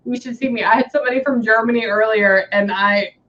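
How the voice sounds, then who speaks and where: A young American woman working as a psychic medium, chatting casually and often pausing with "hang on" while she relays messages. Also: a little high, fairly even intonation, fairly bright tone, dull audio. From United States. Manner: chatty, keeps saying "hang on" and relaying what she hears. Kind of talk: casual reading session.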